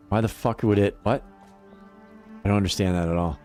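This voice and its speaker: A man's voice: fairly low pitch, fairly even intonation, quick pace, darkish tone, soft background music. A middle-aged man chatting casually on a livestream, rambling and swearing, laughing often. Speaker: livestream gamer. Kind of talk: casual chat to stream chat.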